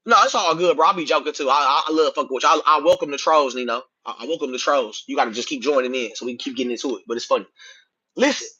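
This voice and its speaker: A man, profanely ranting about boxing to his livestream chat, swinging between loud outbursts and muttered asides. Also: medium pitch, rapid-fire, hardly any pauses, breathy edge. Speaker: boxing commentator streaming to chat. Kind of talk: casual livestream rant. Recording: dull lo-fi stream audio.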